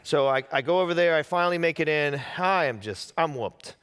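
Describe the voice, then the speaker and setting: A pastor telling a lively sermon story. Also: male voice, fairly high pitch, fairly quick, smooth, long reverb tail. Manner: animated storytelling with acted-out quotes.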